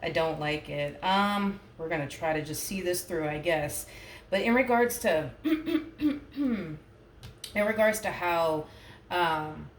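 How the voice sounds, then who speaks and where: A woman's voice: on the low side, lively intonation, slow pace, echoey room, a little hiss or hum. A woman giving a casual tarot reading, chatty and full of fillers, saying she does not like getting emotional. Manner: chatty, filler-heavy, reluctant to get emotional. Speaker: tarot reader.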